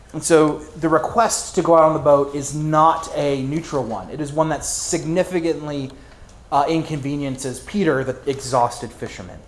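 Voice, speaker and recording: Chatty preacher with a slightly high voice. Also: male voice, reverberant, a little hiss or hum. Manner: conversational storytelling, frequent fillers and restarts. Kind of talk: sermon.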